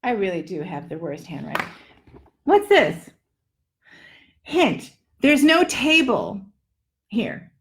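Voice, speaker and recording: A woman's voice: medium pitch, sing-song, a little hiss or hum. A middle-aged woman teaching English pronunciation in a live online lesson, drawing out words in playful drills. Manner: playful, drawn-out word drills.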